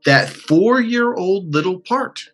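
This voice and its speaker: A man coaching a client in conversation, animated and acting out panicked inner voices. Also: high-pitched, slow pace, faint music behind.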